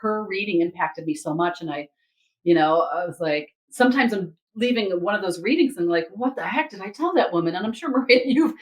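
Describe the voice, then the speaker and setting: A woman who reads Akashic Records, telling a story from a session in a casual, animated way and acting out the people in it. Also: fairly low pitch, a little fast, poor audio. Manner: animated, quotes others and herself in lively asides.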